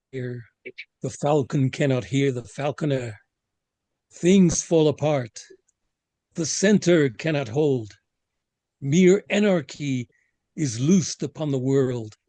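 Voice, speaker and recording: A man in a discussion group reading a poem aloud in a slow, deliberate recitation. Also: a little high, expressive, dark tone, dry recording.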